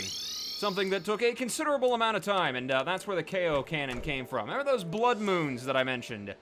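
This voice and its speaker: A man's voice: high-pitched, big pitch swings, a little fast, bright, forceful tone, soft background music. A man giving casual, rambling gameplay commentary as a let's play host, chatty and full of fillers.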